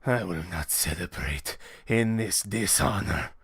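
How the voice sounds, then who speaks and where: Proud male gladiator, grave and formal, voiced by a man, deep and slow. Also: expressive, creaky, a bit bright, husky, no echo, studio quality, exaggerated voice. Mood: solemn. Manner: grave and formal, booming when angered. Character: proud honor-bound male gladiator champion.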